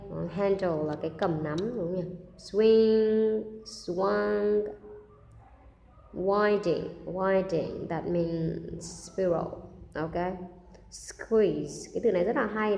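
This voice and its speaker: A woman with a Vietnamese accent, a native Vietnamese speaker, teaching English by reading a children's story with expression and repeating vocabulary slowly for practice. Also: lowish voice, gravelly, warm tone. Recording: roomy echo with long reverb.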